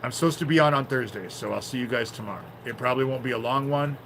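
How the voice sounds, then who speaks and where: A man talking on a phone livestream in a rambling, profane way that flares into angry shouting. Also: medium pitch, quick pace, vocal fry, a little hiss or hum, poor audio. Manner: rambling, swears often, flares into shouting anger. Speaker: livestream host. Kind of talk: casual livestream talk.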